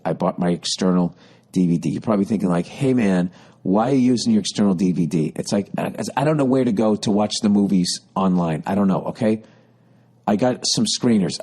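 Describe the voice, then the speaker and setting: With a lowish, slightly mellow voice, this middle-aged man hosts a podcast and spins a long, meandering comic tale. He swears constantly and sounds exasperated, his rants building in intensity as he goes.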